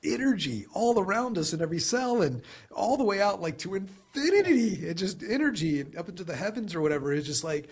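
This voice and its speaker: Guy on a podcast, kinda husky, rambling and reflective, lots of "you know". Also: sits high, big pitch swings, fairly quick, few pauses. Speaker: podcast guest, sales leader. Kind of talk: conversational interview.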